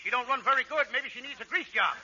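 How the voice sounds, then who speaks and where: A man's voice: very high voice, animated, fast, bright, forceful tone. A man who is a comedian, in 1940s radio comedy, with a whiny, indignant wisecracking manner. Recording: dull 1940s radio broadcast, faint hiss.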